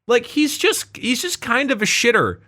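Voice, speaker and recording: A man's voice: extremely high pitch, sing-song, normal speed, pushed and bright. A man in casual podcast chat, rambling with lots of fillers and restarts, laughing often. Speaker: podcast co-host.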